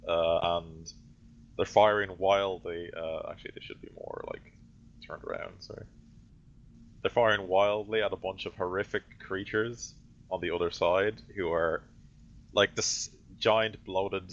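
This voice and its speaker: A man's voice: low-pitched, a bit bright, highs cut off. A man narrating a tabletop role-play game as game master, rambling through his descriptions with lots of fillers and self-corrections.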